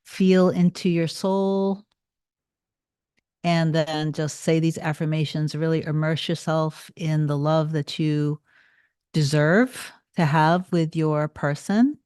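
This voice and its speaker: A woman's voice: deep voice, fairly even intonation, slow pace, darkish tone, clean tone, dry recording, studio quality. A tired woman talking casually to viewers on a livestream, greeting them by name and repeating phrases. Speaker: manifestation coach hosting a livestream.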